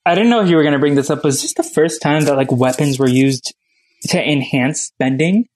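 A man's voice: a little high, brisk, darkish tone. A man co-hosting a casual podcast, chatty and questioning, with lots of "like" fillers. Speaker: podcast co-host. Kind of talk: casual chat.

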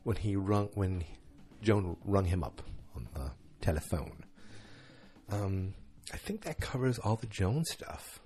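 A man's voice: low-pitched, animated, slow pace, dark tone. Tired, yawning man recapping a TV episode. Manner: chatty, yawning, rambling with many fillers. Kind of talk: casual late-night episode recap.

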